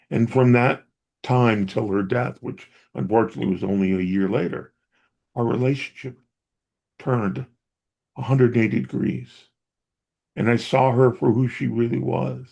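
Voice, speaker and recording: A middle-aged man with a gravelly, slightly husky voice, speaking as an interview guest. He tells his family memories in an earnest, reflective way, at a moderate pitch. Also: steady tone, measured pace, darkish tone. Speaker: interview guest, helps dementia caregivers. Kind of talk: conversational personal storytelling.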